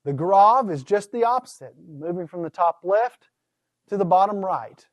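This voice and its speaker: A man with a high voice lectures in a patient, teacherly way, putting questions to his students and then answering them himself. The sound is dry and close, with no room echo. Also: lively intonation, normal speed, dull audio. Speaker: Greek instructor. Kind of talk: recorded course lecture.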